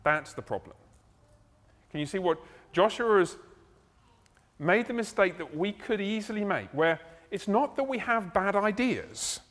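A man delivers a teaching sermon, breaking a passage down in plain, conversational talk with casual asides. His voice sits a little high for a man. The sound carries a long reverb, as in a large hall. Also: expressive, unhurried, long pauses, a bit bright. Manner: conversational, explaining, slips into acted asides. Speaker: preacher. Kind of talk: expository sermon.

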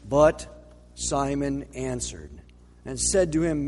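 A man preaching a sermon as a pastor, emphatic, slowing down to stress words and dropping low and soft at the end of key lines. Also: big-room sound.

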